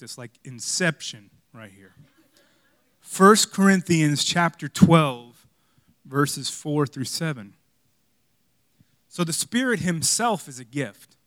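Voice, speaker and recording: Male pastor, fairly high and bright, preaching with punchy loud peaks and quiet asides, dry close sound. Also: no echo. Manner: dynamic preaching, swings from loud emphasis to hushed asides; conversational, jokes and rhetorical questions. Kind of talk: sermon.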